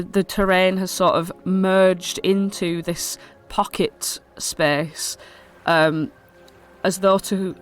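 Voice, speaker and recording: Slow, dreamy game-master narration. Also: female voice, fairly low pitch, clear, resonant tone. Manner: dreamy, unhurried. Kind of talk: descriptive scene narration.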